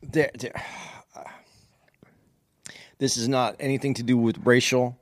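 A man in a podcast chat, speaking in a measured way as he calmly pushes back on his co-host. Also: mid-range voice, dry recording. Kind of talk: casual chat.

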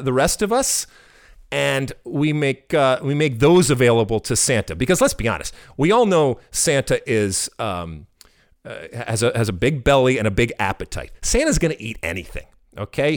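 Animated middle-aged man co-hosting a podcast. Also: on the high side. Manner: animated, exasperated outbursts, repeats words. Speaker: podcast co-host. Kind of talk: casual chat.

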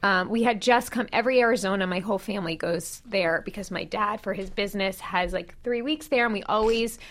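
A woman in her thirties, a podcast co-host, candidly retelling a painful personal story with animated quoted dialogue. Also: medium pitch, fairly quick. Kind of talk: personal storytelling in casual chat.

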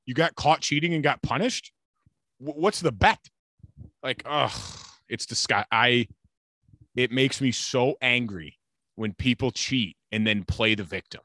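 A man's voice: mid-range voice, measured pace, pushed and bright, no echo, clean studio sound. A man co-hosting a podcast, ranting hotly and cursing, mocking others in quoted voices. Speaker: podcast co-host. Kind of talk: ranting casual chat.

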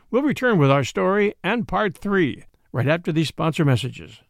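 Brief: male storyteller, expressive and wry, fairly high and animated. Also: normal speed, vocal fry, hardly any pauses, no room sound, clean studio sound. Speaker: narrator. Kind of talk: dramatic story reading.

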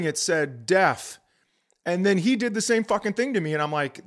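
A middle-aged man co-hosting a podcast, telling a comic story in casual chat, animated and swearing freely. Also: sits high, moderate pace. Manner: animated, swearing, voices others in quotes. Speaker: podcast co-host, comedian.

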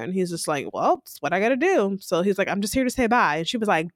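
A woman's voice: medium pitch, lively intonation, a little fast, hardly any pauses, dry recording, clean studio sound. A woman co-hosting a podcast, chatting casually as she recaps a show and acts out quotes with frequent laughs. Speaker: podcast co-host.

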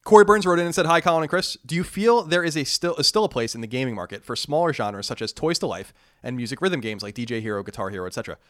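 A man talks fast in a casual podcast chat, his pitch jumping around with energy. He reads out listener mail and riffs on it. The sound is dry and close. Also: no room sound. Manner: lively, quick and talkative.

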